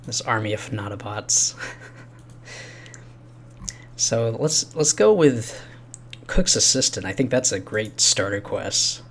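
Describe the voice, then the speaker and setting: A man's voice: lowish voice, expressive, takes it slowly, long pauses, a little hiss or hum. A man in his thirties casually chatting while playing through a game quest, rambling and chuckling with many fillers. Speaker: game host recording a quest playthrough. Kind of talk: casual gaming chat.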